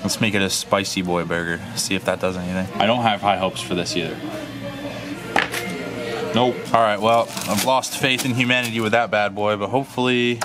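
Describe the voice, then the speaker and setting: A young man vlogging a casual food review, animated and ranting with loud exclamations. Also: lowish voice, brisk, over music. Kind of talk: casual vlog chat.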